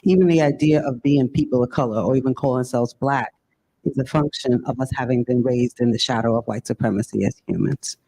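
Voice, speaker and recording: A man speaking as a panelist, answering in an earnest, lecturing, deliberate way. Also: medium pitch, mellow, rough recording.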